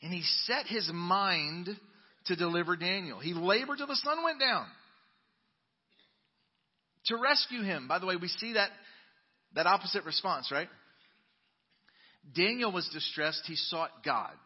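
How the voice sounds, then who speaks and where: A man's voice: high voice, lively intonation, measured pace, long pauses, breathy edge, lo-fi sound. A preaching man in a reverberant church. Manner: dramatic Bible reading with sudden loud and quiet turns. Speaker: pastor. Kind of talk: sermon. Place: church sanctuary.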